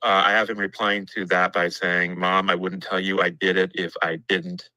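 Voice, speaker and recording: A man reading courtroom notes aloud in a steady, matter-of-fact way as a guest on a livestream discussion. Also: sits low, moderate pace, clear, resonant tone, dry recording, low-quality recording.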